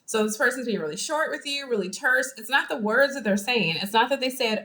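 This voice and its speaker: A woman instructor giving a chatty, animated lecture to a live online class, acting out examples as she goes, heard through a video-call microphone. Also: on the high side, brisk, hardly any pauses. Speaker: college instructor.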